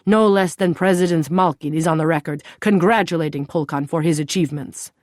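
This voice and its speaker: An anxious male handler, voiced by a woman narrator, pleads his case in an earnest, defensive way and stumbles when challenged. The voice is low and quiet, read close to the mic in a dry audiobook recording. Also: a little fast, no room sound, natural voice. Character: anxious male political handler, eager to please.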